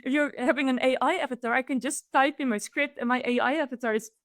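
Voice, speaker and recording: A woman with a Dutch accent speaks in a fairly high voice, eager and quick to restart her sentences as she explains things. The sound is dry and close, with almost no room echo. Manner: enthusiastic, restarts often. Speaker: guest, AI consultant. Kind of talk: conversational interview.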